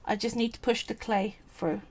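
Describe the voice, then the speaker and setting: Working through a polymer clay tutorial at home, a Cockney-accented streamer talks chattily and thinks aloud. Her fairly high, slightly mellow voice moves at a moderate pace with fairly even intonation, over slight background noise.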